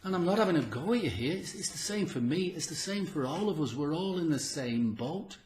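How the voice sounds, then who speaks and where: A man's voice: fairly high pitch, lively intonation, a little fast, darkish tone. Earnest man in an echoey room. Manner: earnest, persuasive, with many rhetorical questions and repeated restarts. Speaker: health channel host. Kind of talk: casual direct-to-camera talk.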